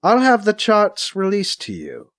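Stern older aunt, weary and guarded, voiced by a male narrator; lively pitch, dry close sound. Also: unhurried, no room sound, exaggerated voice. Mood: reluctant. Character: stern, solemn older woman, a former leader and aunt. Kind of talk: audiobook character voice.

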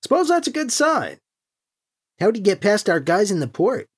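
A woman's voice: mid-range voice, big pitch swings, moderate pace, slightly rough, pitched above the performer's own voice. A narrator voicing a laid-back, quirky female deputy security chief with a musing way of talking.

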